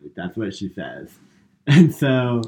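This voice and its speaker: A man's voice: fairly low pitch, sing-song, slow pace, mellow. A man co-hosting a podcast, casually retelling a movie plot with lots of fillers. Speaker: podcast co-host. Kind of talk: casual movie recap chat.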